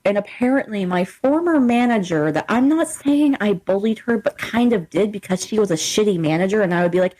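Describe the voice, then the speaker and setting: A woman's voice: mid-range voice, expressive, a little fast, hardly any pauses, mellow. Blunt, swearing young woman. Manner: blunt, swears freely, acts out quoted exchanges. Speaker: podcast co-host. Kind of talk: casual chat.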